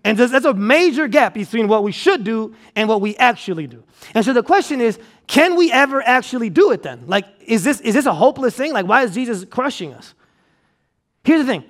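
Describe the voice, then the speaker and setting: Male pastor, high voice, energetic sermon delivery, emphatic restarts. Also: fairly quick. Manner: energetic, repetitive preaching with restarts and emphatic repeats. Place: church auditorium.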